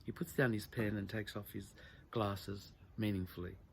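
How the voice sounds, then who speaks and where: Male author reading his prose: low, gravelly, measured and reflective. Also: fairly even intonation, slight background noise. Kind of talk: literary reading.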